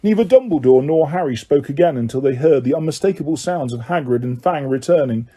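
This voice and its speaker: A man narrating an audiobook in a steady storytelling manner. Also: a little high, brisk. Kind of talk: scripted narration.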